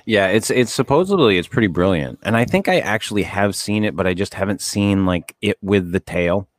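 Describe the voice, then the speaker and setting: A man with a low, deep voice talks loosely on a podcast, swearing and wandering off into tangents with a laugh. The sound is dry and close to the microphone. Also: expressive, a little fast, no room sound. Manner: profane, rambling, laughing often. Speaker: podcast co-host. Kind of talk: casual chat.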